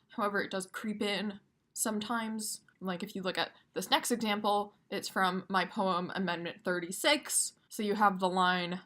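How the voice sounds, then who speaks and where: A woman's voice: mid-range voice, a bit bright. Woman explaining poetry, casual and emphatic. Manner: casual, emphatic, taps out rhythms aloud. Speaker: poetry teacher. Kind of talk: explaining poetry for exam review.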